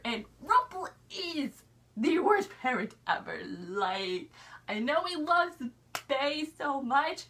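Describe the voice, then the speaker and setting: A woman's voice: a little high, normal speed. A young woman recapping a TV episode in casual chat, acting out the characters' lines as she goes. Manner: animated, acts out characters' lines in quoted voices. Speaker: TV recap vlogger.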